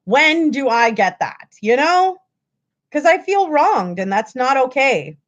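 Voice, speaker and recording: A woman's voice: high voice, sing-song, slow, muffled recording. A woman hosting a livestream, ranting at her viewers in a frustrated, profane way. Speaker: livestream host.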